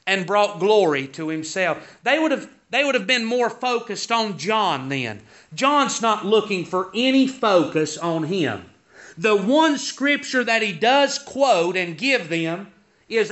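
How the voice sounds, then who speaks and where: A man's voice: sits high, big pitch swings, slow pace, sharp tone. A man teaching a Sunday school class, reading Bible verses aloud and then explaining them. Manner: reads scripture aloud in King James wording, then explains it. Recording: dull, lo-fi recording.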